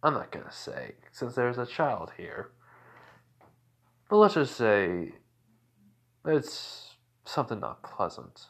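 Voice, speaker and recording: A man voicing an immortal fourteen-year-old boy hero who talks in a slow, measured, quietly threatening way. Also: medium pitch, sing-song, exaggerated voice. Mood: hushed.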